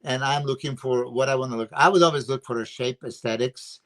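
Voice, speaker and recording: A man's voice: medium pitch, fairly even intonation, a little fast. A man with an emphatic, filler-heavy way of talking, giving his views as a guest coach in a casual podcast chat over a video call. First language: Serbian. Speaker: bodybuilding coach and guest analyst.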